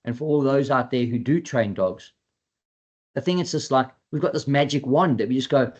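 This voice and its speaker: A man speaking as a dog trainer in a webinar presentation, talking in a chatty, animated way and acting out what clients and dogs might say. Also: medium pitch, normal speed, husky, dull audio.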